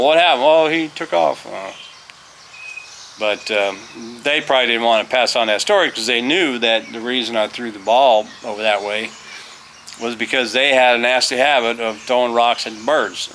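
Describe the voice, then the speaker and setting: A man's voice: medium pitch, moderate pace, pushed and bright, a little hiss or hum. A middle-aged man, a former teacher, telling a rambling, folksy story outdoors on a farm, full of fillers and restarts. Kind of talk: casual storytelling.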